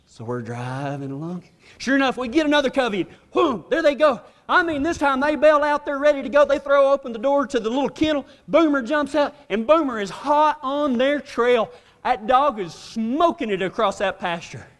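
A man's voice: very high-pitched, fairly quick. A man preaching a folksy, humorous sermon, telling a story with drawling asides and laughing along. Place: church hall. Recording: long hall reverb.

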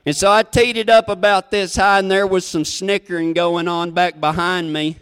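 A man's voice: sits high, little pitch movement, moderate pace, a bit bright, clear, resonant tone. A man telling a folksy, self-mocking country story on stage.

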